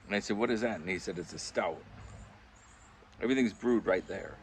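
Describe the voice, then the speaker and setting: A man's voice: deep voice, brisk, creaky, slight background noise. An older man telling rambling, chuckling pub anecdotes in a casual vlog, acting out the voices he quotes. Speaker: vlogger. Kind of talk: casual storytelling. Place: backyard pub shed.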